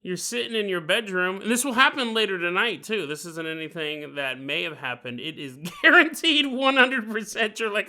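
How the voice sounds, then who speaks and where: A man's voice: high-pitched, expressive, moderate pace, hardly any pauses, sharp tone. A man hosting a podcast, telling a comedic horror story in a playful way, laughing often and acting out voices. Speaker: podcast host.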